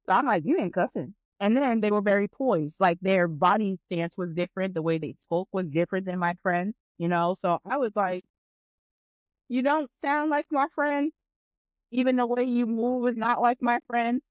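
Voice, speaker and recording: A woman chatting on a podcast, telling a long story with lots of swearing and acting out both sides of the conversation. Her voice sits at a middling pitch. The sound is dry and a little dull, as if recorded close on a modest mic. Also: a little fast, few pauses, no room sound. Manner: animated, profane, acts out both sides of conversations. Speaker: podcast guest. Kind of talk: casual storytelling chat.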